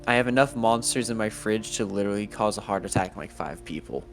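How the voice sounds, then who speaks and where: A man chats on a live stream's voice call with a fairly low voice. He sounds tired and jokes at his own expense, with faint music under the stream. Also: fast, creaky. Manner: tired, self-deprecating joking. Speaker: stream guest. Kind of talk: casual chat.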